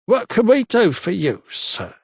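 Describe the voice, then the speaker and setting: A man's voice: sits high, wildly swooping pitch, measured pace, creaky, darkish tone, slightly rough, dry recording, voice pushed up, heavily acted. A man voicing a fat, coarse tavern bawd who mocks and cackles in a knowing way. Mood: mocking. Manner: mocking, knowing.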